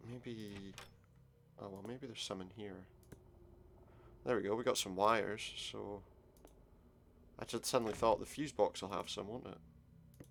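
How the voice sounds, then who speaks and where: A man's voice: fairly low pitch, fairly even intonation, a little slow, vocal fry, long pauses, a bit bright, a little hiss or hum. A man giving casual commentary while playing a game, muttering his thoughts aloud. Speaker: let's play gamer.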